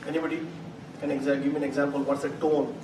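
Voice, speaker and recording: A man leads a live chanting class, his high voice lively as he acts out examples and laughs. He speaks slowly, heard from a distance in an echoey hall. Steady noise hums underneath. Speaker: Vedic chanting teacher. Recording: roomy, distant mic, noisy.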